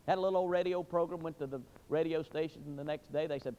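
A man preaching a sermon, telling a folksy story in an animated way with sudden loud bursts. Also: fairly high pitch, fast, few pauses. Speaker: pastor. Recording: dull recording with long hall reverb.

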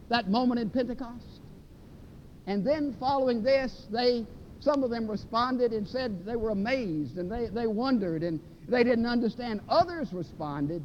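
A man from preaching a sermon, emphatic, drawing out key words and repeating phrases for effect. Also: normal speed. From Mississippi, USA. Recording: dull lo-fi recording with faint rumble.

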